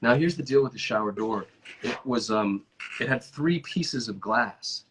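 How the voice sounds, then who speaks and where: A man hosting a casual chat over a video call, telling stories animatedly and sometimes slowing down to reflect. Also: medium pitch, slight background noise, low-quality recording. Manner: animated storyteller, often stretching out reflective phrases. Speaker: host.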